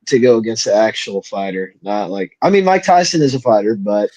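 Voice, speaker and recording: A man's voice: fairly low pitch, fairly quick, darkish tone, dry recording, rough recording. Laid-back man, dry close sound. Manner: laid-back, opinionated, trails off with fillers. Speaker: podcast co-host. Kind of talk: casual chat.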